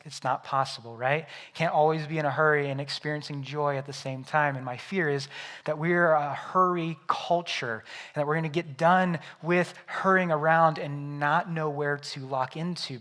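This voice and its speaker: Conversational young man preaching a sermon. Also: a little high. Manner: conversational preaching with frequent "right?" asides; builds loud through storytelling, drops quiet and soft for reflection. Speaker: pastor.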